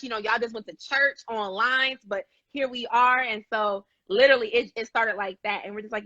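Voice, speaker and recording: A woman's voice: mid-range voice, moderate pace, few pauses, bright, forceful tone, no room sound. A woman guest on a live chat, talking enthusiastically and laughing. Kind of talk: casual live interview chat. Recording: dry, dull lo-fi video call audio.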